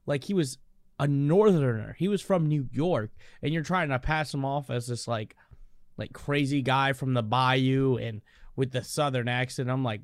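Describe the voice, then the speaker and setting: A man's voice: medium pitch, normal speed, dry recording, clean studio sound. A man in casual chat as a podcast co-host, giving strong opinions and often restarting his sentences. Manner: opinionated, stumbles over restarts.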